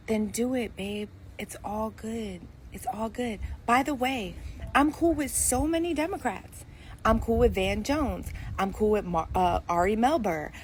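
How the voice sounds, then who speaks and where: A woman's voice: mid-range voice, a little hiss or hum. A woman from Philadelphia in her forties, ranting bluntly and defiantly to the camera with lots of swearing. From Philadelphia, USA. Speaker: guest speaking in a played clip. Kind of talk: heated direct-to-camera rant.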